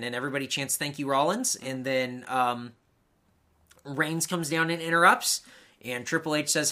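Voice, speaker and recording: A man's voice: fairly high pitch, fairly even intonation, moderate pace, pushed and bright. A man co-hosting a casual wrestling podcast, sarcastic and swearing, mocking the shows with impressions. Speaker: podcast co-host.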